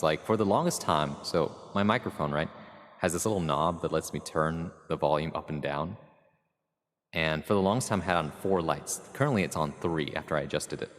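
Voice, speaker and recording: An American man streams live, joking and rambling as he talks straight to his viewers and chats with the live chat. His very deep voice has a big-room sound.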